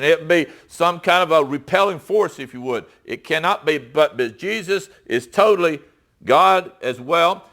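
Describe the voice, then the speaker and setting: A man with a high-pitched voice delivers a sermon in an easygoing, conversational way. He reads scripture aloud in slow, measured phrases, then explains it plainly, pausing and correcting himself along the way. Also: a bit bright. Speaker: preacher.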